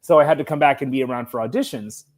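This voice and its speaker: A man chatting casually, telling a rambling anecdote with plenty of fillers. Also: mid-range voice. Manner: chatty, rambling, with quick reactions and laughs. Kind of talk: casual chat.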